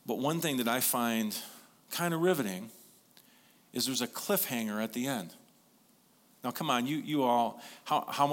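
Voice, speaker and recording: Male pastor, mid-range pitch, bright forceful tone, earnest conversational sermon delivery. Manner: earnest, conversational preaching with repeated phrases.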